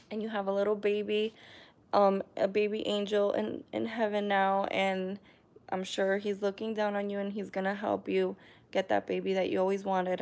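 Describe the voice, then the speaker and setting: A young woman talks casually to her viewers, reading out their comments and answering each one. Her voice sits at a middle pitch, and she speaks warmly and emotionally, laughing often. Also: creaky. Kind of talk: casual chat to camera.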